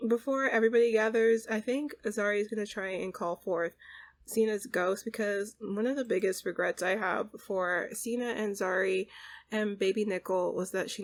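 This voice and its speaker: A young adult woman hosting a life-sim gaming video in casual let's-play commentary, rambling, laughing often and getting sentimental as she talks. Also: medium pitch. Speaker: gaming channel host.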